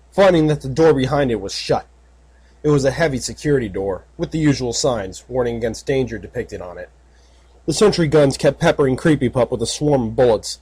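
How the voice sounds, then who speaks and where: A man narrating a fan fiction audiobook in a steady, measured way. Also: medium pitch, slightly rough.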